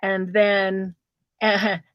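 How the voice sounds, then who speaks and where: A woman's voice: medium pitch, little pitch movement, extremely slow, dry recording, highs cut off. A woman hosting a casual craft livestream, chatting with viewers and calling them by name.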